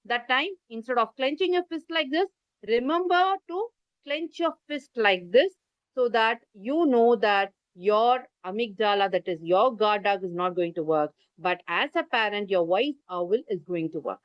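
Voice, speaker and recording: A woman's voice: mid-range voice, animated, normal speed, no room sound. A woman with an Indian English accent giving an online parenting class over a video call, explaining with gestures and asking listeners to type in the chat. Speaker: parenting workshop speaker. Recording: muffled lo-fi video call audio.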